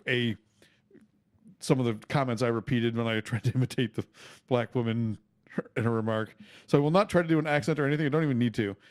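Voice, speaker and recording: Sarcastic male podcast co-host. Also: mid-range voice. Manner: sarcastic, teasing banter. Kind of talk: casual podcast chat.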